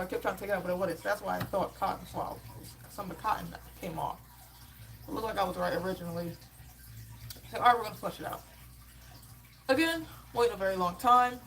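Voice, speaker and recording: A woman hosting a live sports reaction stream, telling a story in an exasperated, slangy way with animated asides. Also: mid-range voice, vocal fry, rough recording.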